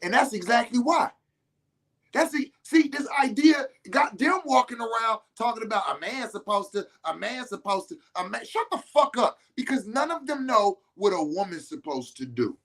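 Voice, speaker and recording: Middle-aged guy ranting on his podcast, cussing, pitch all over the place, preachy. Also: normal speed. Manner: animated, profane, preachy, jumps between calm and shouting. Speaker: podcast host. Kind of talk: opinionated monologue to male listeners.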